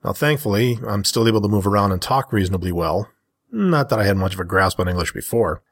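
Here a middle-aged man whose voice sits on the low side works through his first-person story at an even, measured pace. He then speaks openly to those listening.

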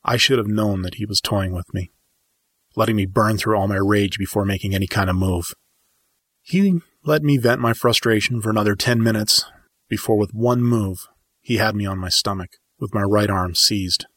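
A man narrating a first-person story in a measured, dramatic audiobook style. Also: fairly low pitch, a bit bright, no room sound.

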